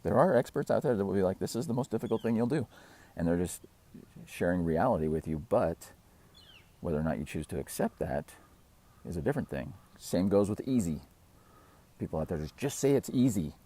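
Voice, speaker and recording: Talking fairly quickly in a deep, warm, animated voice, the man runs his own fitness channel. His casual vlog to camera wanders as he laughs at himself and acts out quotes.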